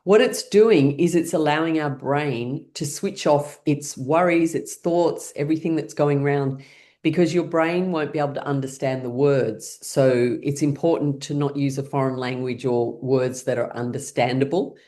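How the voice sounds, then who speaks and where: A middle-aged woman leading a laughter session over a video call, playful and cheerful, breaking into laughter and high whoops. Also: normal speed, dark tone. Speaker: laughter yoga leader.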